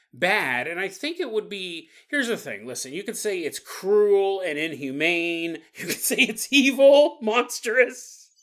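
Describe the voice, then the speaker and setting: A man's voice: high voice, sharp tone. A man hosting a paranormal podcast, rambling through a comedic monologue, laughing often and acting out silly voices. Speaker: podcast host.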